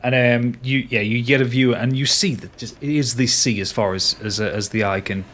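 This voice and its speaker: A man's voice: mid-range voice, fairly even intonation, fairly quick, fairly bright tone, a little hiss or hum. A man running a tabletop game as game master, narrating in a rambling way that keeps restarting and correcting itself.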